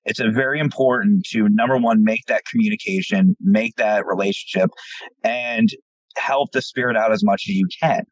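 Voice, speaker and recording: A man's voice: lowish voice, moderate pace, no room sound. A man from central Pennsylvania, a paranormal investigator, telling stories in a casual interview and acting out quoted dialogue. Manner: animated storyteller, acts out quoted dialogue, repeats words. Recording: dull lo-fi dry audio.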